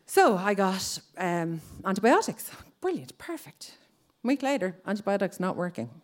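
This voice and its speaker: A woman's voice: medium pitch, big pitch swings, normal speed. A woman in her thirties with an Irish accent, telling a personal story on stage and acting out other people's lines. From Ireland.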